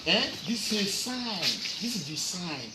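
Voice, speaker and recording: A man's voice: high voice, very animated, a little slow, heavy background noise. A man preaching and questioning his congregation, repeating tag questions like "eh?" as he goes. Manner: questioning, repetitive tag questions, Nigerian Pidgin. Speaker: pastor. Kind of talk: sermon questioning children and congregants.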